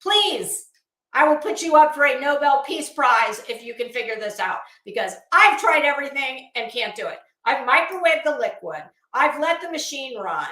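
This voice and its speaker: A middle-aged YouTube commentator rants casually and profanely, her sarcasm cutting. She speaks at a moderate pace in a sing-song, bright, slightly high voice, and a roomy echo colors each line.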